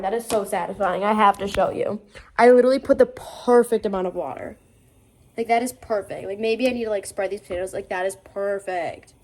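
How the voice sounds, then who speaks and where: A woman's voice: mid-range voice, a little mellow. A young woman from Michigan with a Michigan accent, chatting in a rambling way full of "like" fillers as she cooks in her home kitchen, recorded on a phone propped on the counter. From Michigan, USA. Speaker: vlogger. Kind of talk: casual cooking vlog chat.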